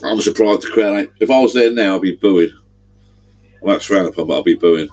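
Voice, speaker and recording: Deep husky bloke rambling on his livestream, middle-aged. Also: fairly quick, darkish tone, muffled recording. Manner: rambling, chatty, gives directions. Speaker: livestream host. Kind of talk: casual livestream chat.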